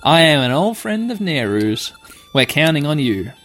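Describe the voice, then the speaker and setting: Man playing boastful young game hero, self-assured, lively pitch. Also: normal speed, faint music behind.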